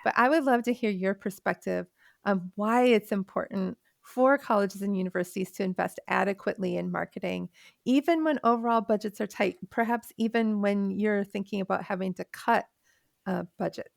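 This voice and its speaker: Woman host, Minnesota accent, upbeat interviewer, a bit of fry, dry close mic. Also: mid-range voice, normal speed, no room sound. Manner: upbeat, laughs easily. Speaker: podcast host. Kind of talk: casual interview chat.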